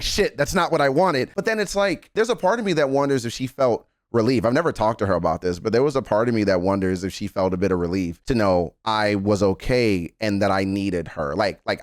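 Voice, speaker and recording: A man's voice: lowish voice, no echo, studio quality. A man in his thirties giving an emotional song reaction commentary, earnest and emphatic, swearing often. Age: 30s.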